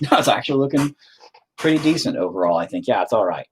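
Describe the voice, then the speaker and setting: A man talking casually to himself while he paints, swearing constantly, self-critical, dropping into mutters and then flaring up loudly. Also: on the low side, sing-song, quick pace, slight background noise. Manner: drops into whispers and mutters, then flares up loudly. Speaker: painting streamer.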